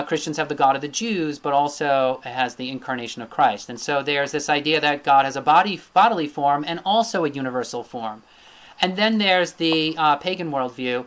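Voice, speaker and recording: A man's voice: on the high side, fairly bright tone. Man, lecture, teacher walking through slides, many fillers, keeps asking "right?". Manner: thinking aloud, with frequent fillers and "right?" tag questions. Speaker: Ayurveda teacher.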